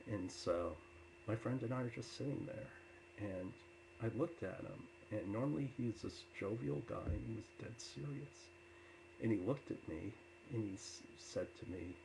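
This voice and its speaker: A man telling personal stories to an audience with many filler uhs, turning loud and animated when he quotes himself. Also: fairly low pitch, measured pace, creaky, noisy background. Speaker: storyteller. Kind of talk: personal storytelling talk.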